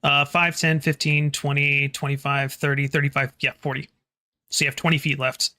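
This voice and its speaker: A game master running a tabletop horror game, halting and restarting phrases while describing the scene and calling for rolls. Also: medium pitch, flat delivery, pushed and bright.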